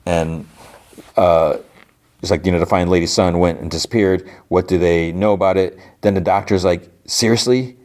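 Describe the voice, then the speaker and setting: A man's voice: low voice, little pitch movement, normal speed, a little mellow. A man hosting a podcast, casually recapping an episode with lots of fillers and restarts. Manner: rambling, many fillers and restarts. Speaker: podcast host.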